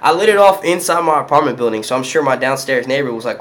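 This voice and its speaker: A man's voice: medium pitch, expressive, fast, a bit bright, slight background noise. A young man from Philadelphia, hosting his own channel and chatting casually, profane and rambling, laughing often. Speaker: YouTube channel host. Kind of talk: casual live stream chat.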